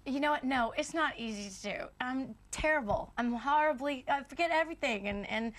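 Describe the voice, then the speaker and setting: A woman's voice: high voice, brisk, a bit bright. A woman actress chatting as a guest on a morning television sofa, bubbly and self-deprecating, laughing often.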